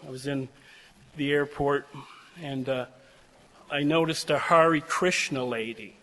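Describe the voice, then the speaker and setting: A man's voice: on the high side, fairly bright tone. Older man speaking in an echoing chapel. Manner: heartfelt, emotional, prone to tearing up. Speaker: guest speaker addressing seminary graduates. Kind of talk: earnest storytelling address. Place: large chapel. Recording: long chapel reverb.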